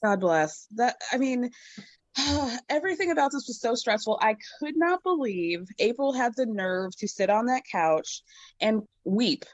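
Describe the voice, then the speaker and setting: A woman in a casual podcast chat, giving animated, exasperated commentary. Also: a little high, unhurried, dry recording, muffled recording.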